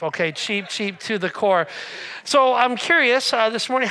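A man delivers a Christmas-season sermon in a church auditorium, speaking into a stage microphone. His voice sits high and rings bright. He keeps it conversational, tossing jokes and questions to the congregation. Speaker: pastor.

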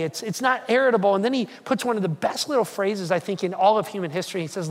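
A pastor preaching a sermon, telling the story behind a scripture passage in an animated, casual way, acting out what the writer says and adding jokey asides to the congregation. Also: medium pitch, fast talker, hardly any pauses. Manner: animated, acts out quoted lines in a casual storytelling way. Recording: long reverb of a large hall.

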